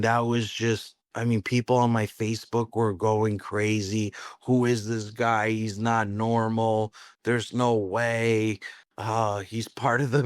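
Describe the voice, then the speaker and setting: Animated storytelling man, dry sound. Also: on the low side, no echo. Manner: animated, acts out quotes with "like" and "dude". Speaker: pizzeria owner, guest. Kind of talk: casual storytelling.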